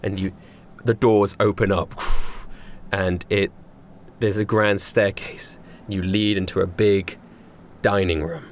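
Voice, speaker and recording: A man's voice: low voice, steady tone, slow, a little hiss or hum. A man working as game master, narrating a tabletop game in a casual, rambling way.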